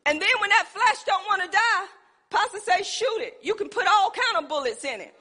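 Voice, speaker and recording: High-voiced woman preaching. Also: lively intonation, fairly quick, bright, forceful tone. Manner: emphatic call-and-response preaching. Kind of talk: sermon. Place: church sanctuary. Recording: long reverb in a church hall.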